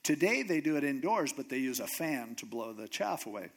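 A man's voice: medium pitch, sing-song, a little fast. A man preaching in a casual, conversational way, retelling a story with dry humor. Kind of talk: sermon storytelling.

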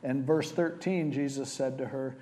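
Man preaching in a relaxed, mellow voice. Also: mid-range voice, normal speed. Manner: casual, conversational retelling of scripture. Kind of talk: sermon.

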